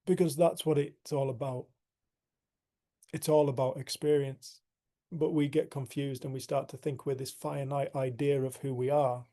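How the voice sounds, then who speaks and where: A man's voice: medium pitch, flat delivery, normal speed, dark tone. A man speaking candidly to a group on a video call, earthy and frank, laughing at himself now and then. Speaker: group facilitator. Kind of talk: casual spiritual talk to a group.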